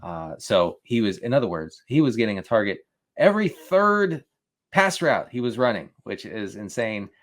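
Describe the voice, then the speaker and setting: A man co-hosting a casual fantasy football podcast, talking with quick restarts, stammers and frequent laughs. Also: on the low side, very animated. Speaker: fantasy football analyst co-host.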